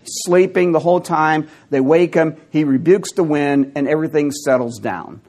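High-voiced preacher with wry humor. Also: male voice, moderate pace, a little mellow. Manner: wry, amused asides, laughs at examples. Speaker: pastor. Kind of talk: teaching sermon.

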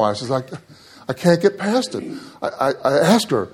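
Speaking a little slowly at medium pitch, a middle-aged man shares a funny personal anecdote during his sermon, spiced with dry asides and animated self-quotes. Then he moves on to scripture.

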